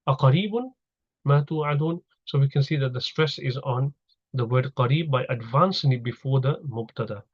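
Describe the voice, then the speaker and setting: A man's voice: medium pitch, a little fast, husky. Man patiently teaching grammar, slightly dull sound. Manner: patient, explains step by step, repeats key terms. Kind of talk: recorded grammar lesson.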